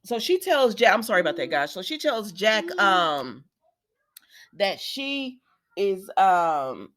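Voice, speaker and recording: Speaking slowly in a mid-range voice, a woman gives a casual soap opera recap straight to her audience. She calls them y'all, drifts into frequent asides, and livens things up by acting out lines with laughter, talking freely all the while.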